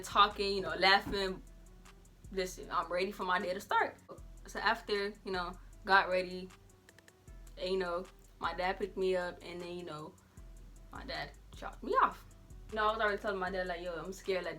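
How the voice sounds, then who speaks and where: A teenage girl from Georgia tells a story straight to camera, chatty and animated, dropping Southern slang. Her voice is bright and clear, and faint music plays underneath. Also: medium pitch. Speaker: vlogger. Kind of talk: casual storytime.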